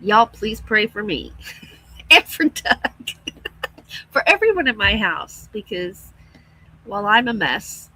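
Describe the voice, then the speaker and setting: A woman's voice: medium pitch, very animated, takes it slowly, pauses often, pushed and bright, breathy edge, rough recording. A middle-aged woman chatting casually on her livestream, laughing often and reading out viewer comments. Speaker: livestream host. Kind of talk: casual live-stream chat.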